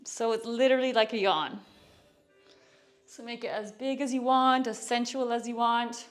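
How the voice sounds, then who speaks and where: A young woman with a fairly high voice leads a relaxed movement class. She talks in an easy, encouraging way with soft laughs, a bit out of breath from moving as she goes. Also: normal speed, soft background music. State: a little out of breath while moving. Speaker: movement instructor. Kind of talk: guided movement tutorial.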